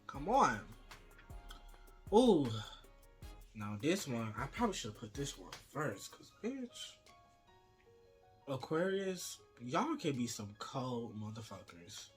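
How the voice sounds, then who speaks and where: A young man hosting a casual mukbang vlog, talking straight to his viewers in a sassy, profane, expressive way. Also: takes it slowly, long pauses, faint music behind. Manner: sassy, profane, expressive with wide pitch swings. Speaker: vlogger host. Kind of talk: casual mukbang chat to camera.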